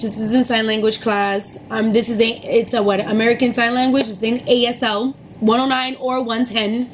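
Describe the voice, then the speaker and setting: A woman's voice: fairly high pitch, fairly even intonation, moderate pace, few pauses, a little hiss or hum, rough recording. A young woman retelling a restaurant dispute in a heated, profane storytime rant, working herself up as she goes. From New York City area. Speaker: vlogger telling a story.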